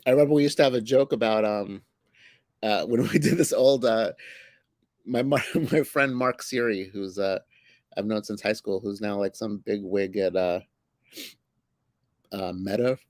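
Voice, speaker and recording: A man's voice: fairly low pitch, moderate pace, pauses often, a little mellow, no echo. A man chatting casually on a livestream, meandering and hesitant with many fillers. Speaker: co-host, writer.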